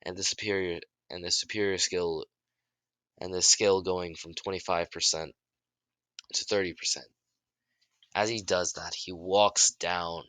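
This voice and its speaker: A man improvising a fan story in halting narration, often restarting his sentences and shouting out the characters' lines. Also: deep voice, fairly even intonation, no room sound. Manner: halting, many restarts and self-corrections; bursts into loud shouts for dialogue.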